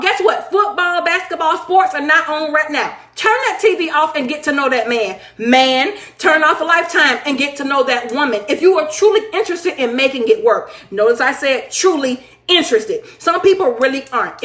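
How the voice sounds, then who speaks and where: A woman with a high voice hosts a casual livestream, chatting and reading comments out loud. She is lively and playful, teasing her viewers and laughing often. The sound is echoey, as if she is recording in a bare room. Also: moderate pace, hardly any pauses. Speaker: livestream talk show host.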